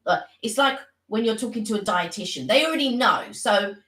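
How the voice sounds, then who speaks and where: A woman's voice: fairly high pitch, animated, fairly quick, a bit bright, reverberant, rough recording. A woman co-hosting a casual live stream, talking earnestly and rambling with many restarts.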